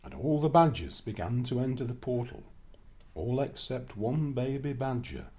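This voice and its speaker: A man narrating a children's storybook with an expressive, lively reading. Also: medium pitch, moderate pace.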